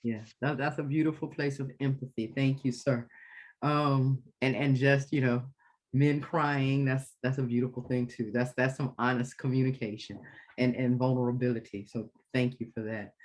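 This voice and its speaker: A man facilitating a group discussion, animated and often repeating words as he starts a thought. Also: medium pitch, moderate pace.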